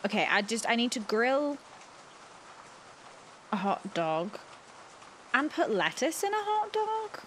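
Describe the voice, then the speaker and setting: A woman's voice: fairly high pitch, very animated, takes it slowly, pauses often, slight background noise. A woman hosting a let's play, chatting flustered and apologetic to the game's characters as she plays. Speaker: gaming channel host.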